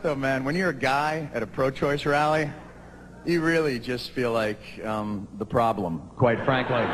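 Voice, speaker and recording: A man, doing a stand-up comedy routine and rising to shouted punchlines. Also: medium pitch, fairly even intonation, unhurried, over a noisy crowd, very noisy. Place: large theater stage before a live audience. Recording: long hall reverb, audible audience.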